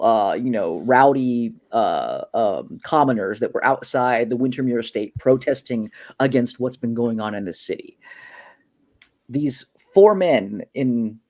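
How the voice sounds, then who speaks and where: A man's voice: mid-range voice, darkish tone. A man running a tabletop game as game master, narrating in loose, rambling descriptions.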